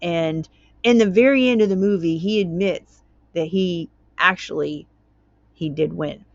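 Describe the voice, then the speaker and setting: A woman's voice: lowish voice, unhurried, darkish tone, no room sound, dull audio. A woman hosting her own channel, reading a court document aloud and commenting on it in a chatty way, tripping over words and wandering into tangents.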